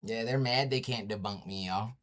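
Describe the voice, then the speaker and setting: Brash and profane, the man trash-talks through a casual live stream, breaking into laughter often. He's from Indigenous North America and speaks at a moderate pace in a lowish, slightly bright voice, captured on a streaming mic at home.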